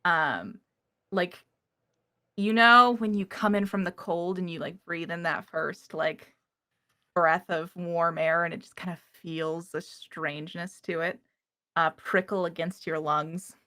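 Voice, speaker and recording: A woman's voice: on the low side, fairly even intonation, measured pace, sharp tone. A woman narrating a tabletop game as game master in a rambling way, full of fillers.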